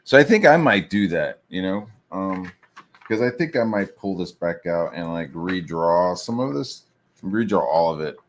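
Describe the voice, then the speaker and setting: Low voiced dude rambling and cussing while drawing comics, lots of like and you know. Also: male voice, lively intonation, normal speed. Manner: profane, rambling, heavy on filler words. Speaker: streamer and comic artist. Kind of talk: casual rambling rant.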